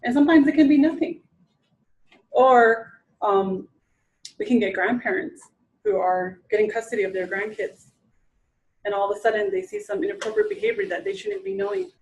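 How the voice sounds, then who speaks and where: A woman in her thirties leads a training session, with a fairly high voice. She talks casually to the audience, restarting her sentences and slipping into little acted quotes. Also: big pitch swings, moderate pace, gravelly, a little mellow, rough recording. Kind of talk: informal lecture to an audience.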